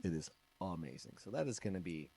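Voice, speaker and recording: A man on a casual podcast telling an animated everyday story. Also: low voice, a little fast, gravelly, husky. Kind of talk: casual chat.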